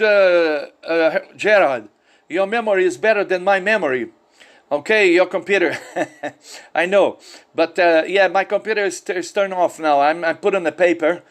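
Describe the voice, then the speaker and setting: A Brazilian man with a Brazilian Portuguese accent, a ham radio operator chatting and spelling call signs in friendly, repetitive English. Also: sits high. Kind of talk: amateur radio contact over satellite.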